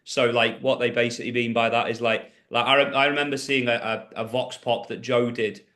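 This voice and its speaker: Chatty podcast host man, mid-pitched voice. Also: flat delivery, a little fast, bright, forceful tone. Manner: chatty, with frequent stumbles and restarts. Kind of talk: casual podcast conversation.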